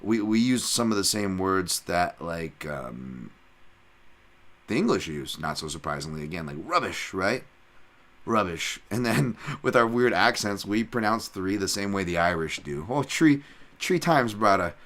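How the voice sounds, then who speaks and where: A man's voice: low-pitched, expressive, a little slow, fairly bright tone. A man from Hawaii hosting a podcast, talking in a blunt, profane, rambling way with many restarts. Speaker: podcast host. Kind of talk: casual podcast chat.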